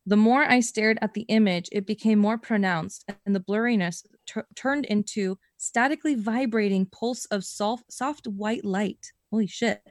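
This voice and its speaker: A woman's voice: medium pitch, normal speed, few pauses, dry recording, studio quality. Woman reading a story aloud. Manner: expressive reading, breaks into laughter and swearing. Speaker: podcast co-host reading listener stories.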